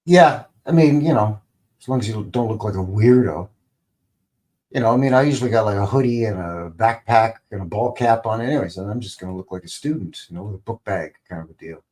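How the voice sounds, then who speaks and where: A man's voice: lowish voice, animated, fairly quick, darkish tone. A man hosting a live stream, talking casually in a rambling, conversational way, full of "you know" and "right?".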